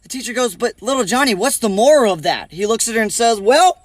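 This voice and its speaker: A man telling a long joke in a brisk storytelling manner. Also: very high-pitched, expressive, no room sound.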